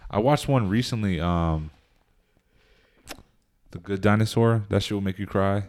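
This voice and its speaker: A young man with a deep, low voice hosts a comedy podcast. He talks casually, joking and cursing with his friends. His delivery is playful and loose. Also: unhurried, darkish tone. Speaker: podcast host. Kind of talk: casual chat.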